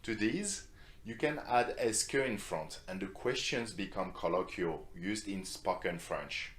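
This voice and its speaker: A man with a low voice teaches a beginner language class. He speaks clearly and patiently, pausing to model phrases for his students to repeat. The room around him has a noticeable echo. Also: animated, fairly bright tone. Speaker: French teacher.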